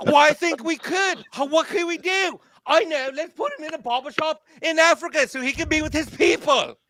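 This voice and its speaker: A man voicing a campy, gushing male TV writer in a mocking, sing-song way, squealing with excitement. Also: very high-pitched, moderate pace, no room sound, pitched above the performer's own voice, full character voice. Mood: giddy.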